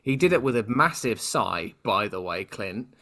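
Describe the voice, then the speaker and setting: A man's voice: lowish voice, animated, moderate pace, creaky, fairly bright tone. A man with a British accent co-hosting a podcast, chatting casually in a rambling, playfully sarcastic way. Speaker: podcast co-host. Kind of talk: casual chat.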